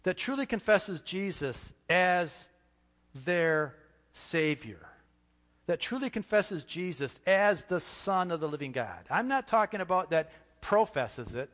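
A man's voice: high-pitched, lively intonation, fairly bright tone. Earnest preaching man in a reverberant hall. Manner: earnest preaching with slow emphatic pauses and repetitions. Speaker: pastor. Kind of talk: sermon.

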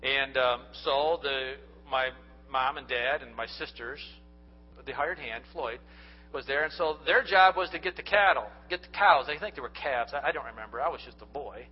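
A man's voice: mid-range voice, normal speed, breathy edge, faint music behind. A man preaching a sermon as pastor, speaking earnestly and directly to his congregation and telling folksy stories. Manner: folksy storytelling. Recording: dull lo-fi recording.

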